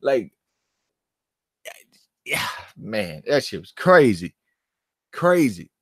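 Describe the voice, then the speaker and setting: Animated, profane male boxing vlogger. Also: mid-range voice, moderate pace, dry recording, studio quality. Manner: animated, profane, laughing banter. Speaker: boxing commentator and channel host. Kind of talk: casual vlog commentary.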